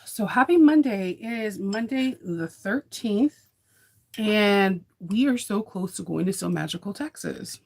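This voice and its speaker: A woman's voice: mid-range voice, animated, a little slow, creaky. A woman chatting casually in a morning sewing vlog, upbeat and rambling with fillers. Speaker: sewing vlogger.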